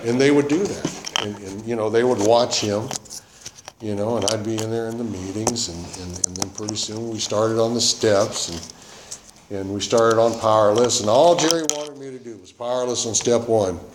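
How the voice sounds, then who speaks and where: Man, personal testimony, rambling conversational talk, lowish voice, echoey room. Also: fairly even intonation, moderate pace. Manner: rambling and conversational, full of "you know" and "man". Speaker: speaker sharing his recovery story. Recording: roomy echo with faint noise.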